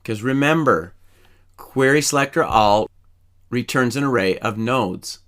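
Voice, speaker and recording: A male instructor talks through a screen-recorded coding lesson, narrating every step as he goes. His voice has a bright, forward edge and sits at an ordinary middle pitch. He keeps a calm, methodical pace. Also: a little slow. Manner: calm, methodical, explains each step while typing. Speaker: programming instructor.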